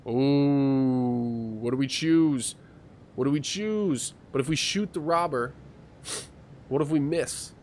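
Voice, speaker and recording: A man's voice: a little high, a little mellow, a little hiss or hum. A man streaming a game, chatting casually, reading the game text aloud and asking viewers to help him decide. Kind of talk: casual gameplay commentary. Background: game music.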